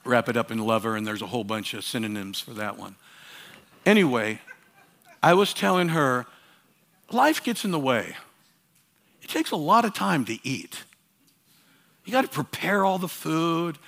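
A man preaching a sermon as pastor, emphatic and repetitive, swinging between loud urging and quiet asides. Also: medium pitch, animated, normal speed, creaky, long pauses. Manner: repeats phrases for emphasis.

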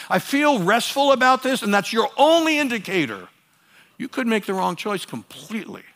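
High-voiced man preaching a sermon. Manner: emphatic, swings between loud urging and quiet asides; repeats phrases for emphasis. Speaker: pastor.

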